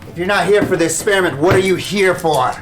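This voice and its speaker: A man voicing a cold female doctor who runs experiments, speaking in a calm, low, menacing way. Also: fast, over music, lightly acted.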